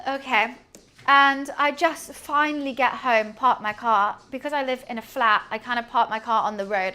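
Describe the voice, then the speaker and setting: High-voiced woman telling a story. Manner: animated storytelling, quick asides, laughs often. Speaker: streamer. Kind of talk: casual chat to a stream audience.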